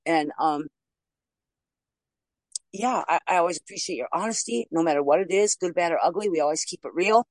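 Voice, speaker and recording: A woman's voice: on the low side, fairly quick, pauses often, darkish tone, no room sound, poor audio. A woman from the United States speaking at a recovery meeting over a video call, earnest and supportive, laughing easily. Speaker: meeting member.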